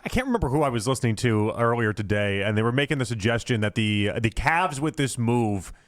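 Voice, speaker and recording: A man co-hosting sports talk radio, stumbling over his first words before settling into steady analysis. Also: mid-range voice, fairly quick. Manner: stammering starts, then steady analysis. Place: radio studio.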